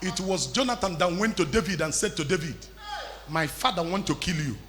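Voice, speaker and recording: A man preaching a sermon, emphatic, repeating lines and building to shouts, in an echoey church hall with faint music. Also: high voice, lively intonation, brisk. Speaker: pastor.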